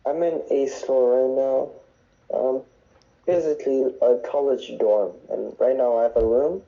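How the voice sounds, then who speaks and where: A man's voice: mid-range voice, fairly even intonation, measured pace, vocal fry, mellow, dull audio. A young man, a navy sailor, telling rambling, profane stories in casual podcast chat. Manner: rambling, swears often, restarts. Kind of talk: casual storytelling. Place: dorm room on base.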